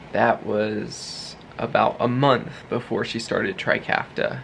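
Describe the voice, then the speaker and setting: Gravelly-voiced man chatting at home. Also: on the low side, a bit bright, slight background noise. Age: 30s. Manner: chatty, laughs often, thinks aloud. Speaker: vlogger. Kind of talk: casual vlog talk. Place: home, third-floor office. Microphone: handheld camera.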